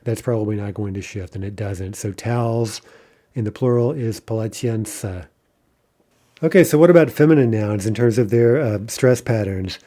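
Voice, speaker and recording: A middle-aged man teaching a recorded language lesson, explaining patiently, often adding "right?" and slowing down to say example words. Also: on the low side, mellow.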